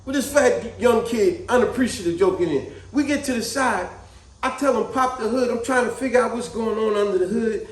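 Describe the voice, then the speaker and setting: A middle-aged man with a high-pitched voice tells a story casually at a slightly fast pace, animatedly acting out the voices of the people in it. He's a vlogger, recorded in an echoey room.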